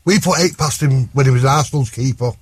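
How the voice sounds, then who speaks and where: A man's voice: mid-range voice, a little fast, slightly rough. A man, a guest pundit giving blunt, matter-of-fact match analysis.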